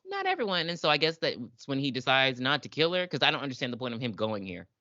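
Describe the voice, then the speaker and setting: A woman's voice: extremely low pitch, lively intonation, fast, bright, forceful tone, dry recording. Chatty woman podcast host, lo-fi. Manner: chatty, filler-heavy, acts out characters' lines. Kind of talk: casual review chat.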